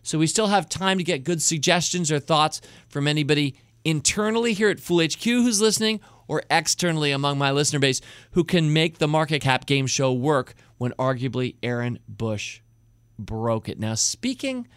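A man's voice: on the high side, lively intonation, normal speed, a bit bright, clear, resonant tone, no echo, clean studio sound. A middle-aged man hosting a podcast, chatting enthusiastically with rambling asides. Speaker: podcast host. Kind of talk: casual podcast chat.

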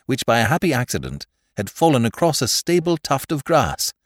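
Male narrator with a low voice and an animated read; dry, close recording. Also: no room sound. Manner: lively dramatic reading. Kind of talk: audiobook narration.

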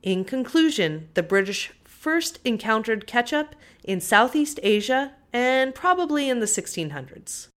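A woman's voice: on the high side, big pitch swings, unhurried, hardly any pauses, fairly bright tone. Matter-of-fact woman podcast co-host. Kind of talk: scripted podcast narration. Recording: faint music underneath.

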